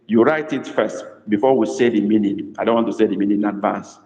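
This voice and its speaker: A man teaching a live online language class, dictating phrases slowly and repeating them, praising students by name. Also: lowish voice, darkish tone, dull audio. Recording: echoey room with long reverb.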